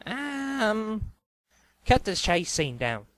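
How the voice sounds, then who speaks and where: A woman's voice: medium pitch, sing-song, extremely slow. A woman voicing a fussy, bossy male film director in a cartoon, exclaiming and giving orders. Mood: businesslike.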